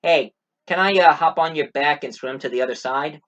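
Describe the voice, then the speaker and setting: A man's voice: on the high side, moderate pace, fairly bright tone, pitched above the performer's own voice, close to an everyday voice. A man playing a sheepish scorpion. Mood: pleading. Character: male scorpion, sly and apologetic.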